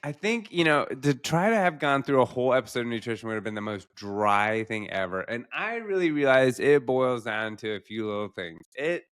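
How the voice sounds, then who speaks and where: A man's voice: mid-range voice, animated, brisk, hardly any pauses, fairly bright tone, clean tone. A young adult man, a doctor co-hosting a podcast, talking in an earnest, reflective, emotional way. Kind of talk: casual podcast chat.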